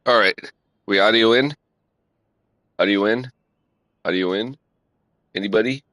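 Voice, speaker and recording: A man chatting casually to viewers of his live stream while sim racing, laid-back and rambling, swearing and filling pauses with ums and uhs. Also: on the low side, no room sound. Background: loud music.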